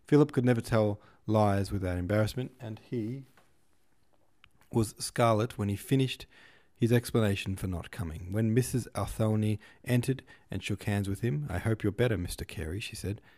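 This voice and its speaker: A man who hosts a podcast, reading a classic novel aloud in a measured, unhurried narration. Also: lowish voice, darkish tone. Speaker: podcast host and audiobook reader.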